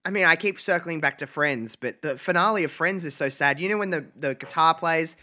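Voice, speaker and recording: A man co-hosting a casual podcast, his voice fairly high-pitched and very bright. He talks emphatically and reacts readily to his co-host. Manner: emphatic, quick to laugh and react. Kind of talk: casual chat.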